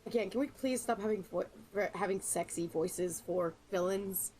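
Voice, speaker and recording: A woman's voice: medium pitch, normal speed, darkish tone, rough recording. A woman streaming a game, reacting in a joking, flustered, playful way. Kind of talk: casual game-stream commentary.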